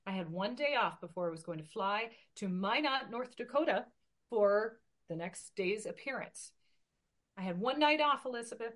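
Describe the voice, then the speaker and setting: A woman in her forties from Oregon, telling a personal story in a lively, animated way during a casual interview. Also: mid-range voice, normal speed. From Oregon, USA. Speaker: interview guest.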